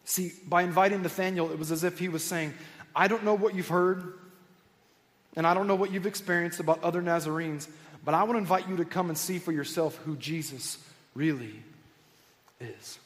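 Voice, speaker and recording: A man's voice: on the high side, moderate pace. A man preaching a sermon to his church congregation, telling stories in an earnest, conversational way. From United States. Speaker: pastor. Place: church sanctuary. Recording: long hall reverb.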